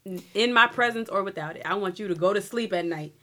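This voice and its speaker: A woman's voice: mid-range voice, fast, bright, forceful tone. A young woman co-hosting a podcast in casual chat, emphatic and passionate. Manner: emphatic, building to passionate rants. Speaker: podcast co-host.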